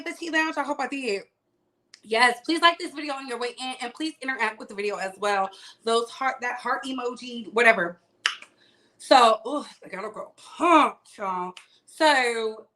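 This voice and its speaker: A woman's voice: fairly high pitch, sharp tone. A woman hosting a live-streamed gossip show, chatting casually and sassily while greeting viewers by name.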